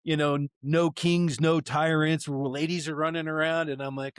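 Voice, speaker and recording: A man's voice: a little high, fairly even intonation, moderate pace, hardly any pauses, smooth, dry recording, clean studio sound. A man co-hosting a podcast, telling a profane story in casual chat. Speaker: podcast co-host.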